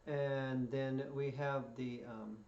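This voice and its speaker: A patient fiddle teacher with a medium-pitched, steady, darkish voice walks through a step-by-step lesson, counting in slowly before each play-through. Fiddle playing is heard, and the distant mic gives a dull, echoey room sound.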